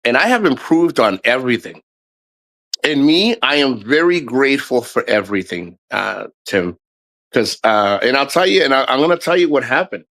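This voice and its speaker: A man's voice: mid-range voice, sing-song, normal speed, a bit bright, rough recording. A middle-aged man talks through a loose livestream monologue in an ordinary mid-range voice. He rambles and cusses freely, speaking candidly to his viewers. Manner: candid, rambling, swears often. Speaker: livestream host.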